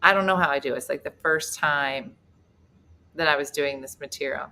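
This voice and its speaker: A middle-aged woman who is a comedian and talk show host tells a self-mocking story in a casual group chat, laughing as she goes. Her voice sits low with a sharp tone, and she talks fairly quickly.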